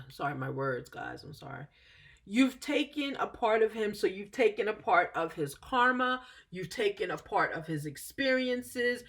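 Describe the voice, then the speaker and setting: A woman's voice: medium pitch, a bit bright. A woman giving a casual, talkative explanation as a spiritual teacher, often checking in with "okay?" and correcting herself as she goes. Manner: chatty, frequent "okay?" check-ins, self-correcting.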